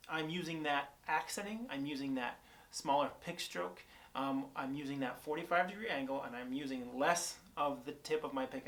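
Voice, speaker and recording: A man's voice: a little high, fairly bright tone. A young man casually explaining guitar picking technique, thinking aloud with plenty of fillers and restarts, recorded on an on-camera shotgun mic. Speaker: guitar teacher. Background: guitar playing between phrases.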